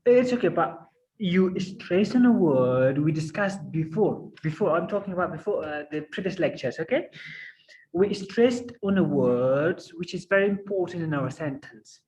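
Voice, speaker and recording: A man's voice: fairly high pitch, expressive, normal speed, darkish tone, rough recording. Patient man teaching an online class. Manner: patient, repetitive, keeps checking if students follow. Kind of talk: online English lesson. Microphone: online class call.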